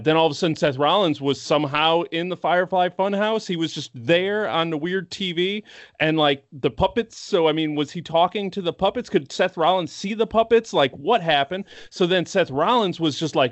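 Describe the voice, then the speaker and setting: A man co-hosting a casual wrestling podcast, retelling events with animated acted-out quotes. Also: on the high side, a little fast, no echo. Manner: animated storytelling, acts out quotes. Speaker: podcast co-host. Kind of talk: casual chat.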